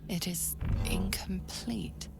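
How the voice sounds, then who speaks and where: Game narrator, gravelly, half-whispered, slow, loud game music behind. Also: female voice, on the low side, steady tone. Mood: ominous.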